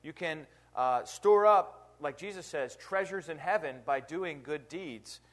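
A man giving a casual Bible lesson, his voice sitting a little on the higher side. He talks conversationally, keeps checking in with his listeners through rhetorical questions, and leans into the scripture passages he reads aloud. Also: measured pace. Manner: conversational, asks rhetorical questions, frequent "right?". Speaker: preacher. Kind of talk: informal Bible teaching.

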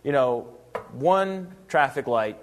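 A man teaching a Bible passage verse by verse in a casual, conversational way, lively, with rhetorical questions and little acted-out asides. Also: medium pitch, slow, a little hiss or hum.

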